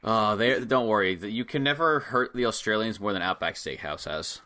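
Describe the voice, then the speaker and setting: A man co-hosts a casual podcast chat, laid-back and dryly funny while he recaps what happened. His voice sits a bit low but comes across bright and clear. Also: animated, moderate pace. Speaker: podcast co-host.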